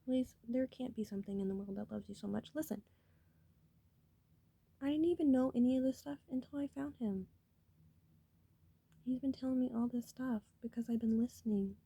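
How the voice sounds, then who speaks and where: A woman's voice: on the high side, normal speed, vocal fry, pauses often, dark tone, husky. A woman talking casually to her viewers in a rambling, earnest way, cursing freely as she shares spiritual thoughts. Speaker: vlogger.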